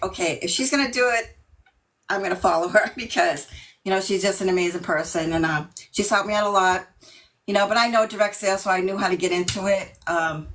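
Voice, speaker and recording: A middle-aged woman from Massachusetts, talking about herself in a video call interview, nervous and emotional, with many ums and pauses. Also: medium pitch, fairly bright tone, rough recording. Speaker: team member.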